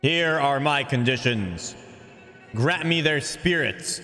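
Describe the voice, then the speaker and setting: A man voicing a menacing ancient ghost dragon who devours spirits, drawing out every threat slowly. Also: mid-range voice, bright, forceful tone, in a large hall, soft background music. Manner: slow, drawn-out threats.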